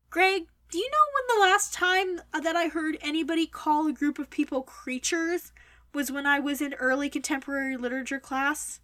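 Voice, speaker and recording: A woman's voice: high-pitched, bright, forceful tone. A young woman giving an opinionated, wordy critical review of a novel. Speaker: book reviewer. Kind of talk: critical book review monologue.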